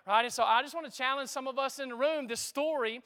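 High, bright-voiced preacher. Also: male voice, fast talker, clear, resonant tone. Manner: lively preaching with call-and-response asides. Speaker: pastor. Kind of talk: sermon.

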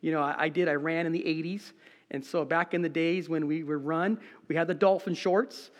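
Animated high-voiced preacher man. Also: moderate pace, big-room sound. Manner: animated, conversational, self-deprecating. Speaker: pastor. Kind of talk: sermon. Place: empty room, preaching to cameras.

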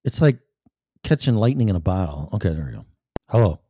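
A man's voice: deep voice, very animated, fairly quick, dark tone, slightly rough, dry recording. Man hosting a casual podcast. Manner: profane, rambling, distracted by equipment. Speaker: podcast host. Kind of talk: casual chat.

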